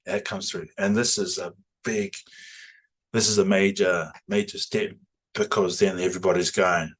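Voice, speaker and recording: A man who is a trained language teacher, promoting his pronunciation course in a lively way, often tagging his points with "right?". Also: low-pitched, normal speed. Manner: animated, rhetorical "right?" tags.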